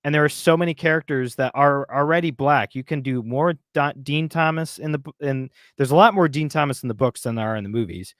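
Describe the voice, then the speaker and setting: A man's voice: a little high, fairly quick, hardly any pauses, a bit bright, no echo, clean studio sound. A man co-hosting a casual podcast, ranting in a heated, exasperated way. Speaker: podcast co-host.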